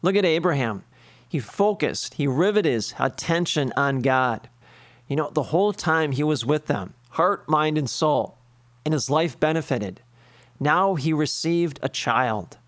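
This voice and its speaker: A priest delivers an earnest sermon, piling up everyday lists and asking rhetorical questions. His voice sits a little high for a man. The sound is dry with little room echo. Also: animated, a little slow, fairly bright tone.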